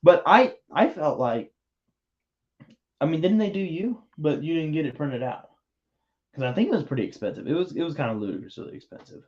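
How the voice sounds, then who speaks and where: A man's voice: on the high side, animated, brisk. A man hosting a livestream, chatting casually and teasing his co-host while building, with rambling talk and frequent restarts. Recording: muffled lo-fi stream audio.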